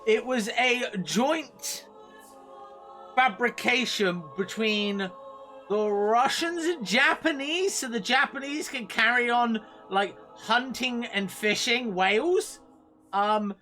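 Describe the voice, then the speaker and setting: A young man streaming a video game, chatting casually and excitably, swearing freely. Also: sits high. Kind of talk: casual gameplay commentary.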